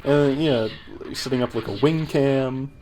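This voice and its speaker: A man's voice: medium pitch, unhurried, music in the background. Casual man rambling through his own commentary. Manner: rambling, self-deprecating explanations. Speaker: video creator giving commentary.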